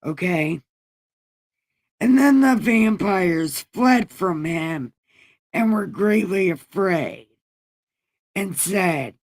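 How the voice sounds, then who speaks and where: Slow irreverent woman reading scripture. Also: lowish voice, lively intonation, darkish tone. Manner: profane slangy paraphrasing, asides to viewers. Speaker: livestream host reading scripture.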